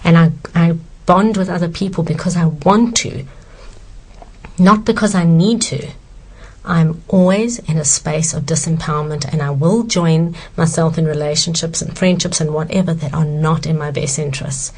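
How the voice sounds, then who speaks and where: 认真的自助书作者，女声偏低. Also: female voice, low voice, moderate pace, darkish tone. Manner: emphatic, earnest. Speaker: author answering questions. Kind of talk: earnest self-help Q&A.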